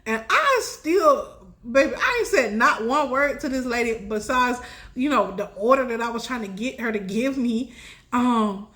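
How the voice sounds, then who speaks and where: High-voiced chatty woman telling a story. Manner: chatty, laughing often, rising high when excited. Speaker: tarot reader telling a personal story. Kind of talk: casual storytelling.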